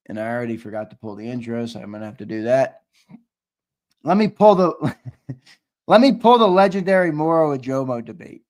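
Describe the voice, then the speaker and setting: A man hosting a sports show in casual livestream chat, brash and profane. He reads and answers the live chat, laughs often and repeats himself. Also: mid-range voice. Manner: brash and profane, with trash talk.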